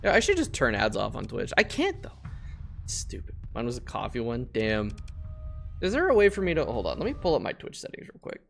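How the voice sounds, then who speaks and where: A man streaming a space game, talking casually over his play, swearing a lot and getting loudly frustrated. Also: medium pitch, wildly swooping pitch, fairly quick, creaky, faint music behind. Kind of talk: casual live-stream gameplay commentary.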